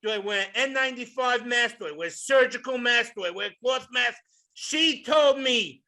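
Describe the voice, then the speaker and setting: A man in his sixties doing a stand-up comedy set in a club, with a loud, punchy delivery, swearing and shouting his punchlines. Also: very high-pitched, lively intonation, normal speed. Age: 60s.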